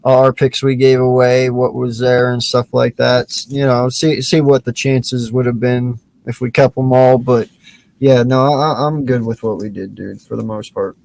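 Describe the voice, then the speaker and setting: A man's voice: medium pitch, little pitch movement, moderate pace, gravelly, darkish tone. A man co-hosting a casual stream, friendly and stammering, often calling people dude. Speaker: co-host greeting chat viewers. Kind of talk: casual chat.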